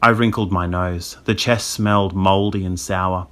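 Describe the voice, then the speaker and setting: A man reading a spooky children's audiobook in a lively storytelling manner. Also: low-pitched, unhurried. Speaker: audiobook reader. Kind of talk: scripted narration.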